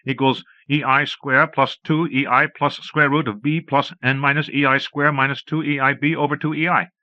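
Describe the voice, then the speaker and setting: A man's voice: mid-range voice, little pitch movement, moderate pace, pushed and bright, dry recording, voice pushed up, natural voice. A man reading an audiobook and voicing a frightened grown man who speaks shakily and anxiously. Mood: gabbling. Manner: shaky, anxious. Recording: muffled dry cassette recording.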